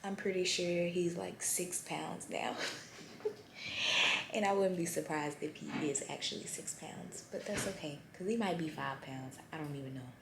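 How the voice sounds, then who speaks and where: A woman's voice: fairly low pitch, moderate pace, vocal fry, background noise. A pregnant woman in her twenties chatting casually to her viewers at home, speaking straight to camera. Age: 20s. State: heavily pregnant. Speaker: vlogger. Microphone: on-camera mic.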